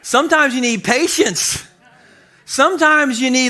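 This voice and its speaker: Bright-voiced, high-pitched male pastor. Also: normal speed, soft background music. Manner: animated, self-deprecating, acts out quotes. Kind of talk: humorous storytelling sermon. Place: church stage before a congregation.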